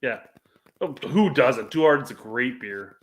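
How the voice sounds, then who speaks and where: A man's voice: medium pitch, expressive, a little slow. A man hosting a casual soccer podcast, easygoing and laughing often, with lots of fillers. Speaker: podcast host.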